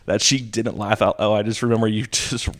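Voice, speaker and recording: Young adult male stand-up, relaxed podcast guest, lowish voice, animated storyteller who plays out other people's lines. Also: brisk. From Texas. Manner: animated, laughs while telling stories, acts out quoted voices. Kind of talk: casual storytelling chat.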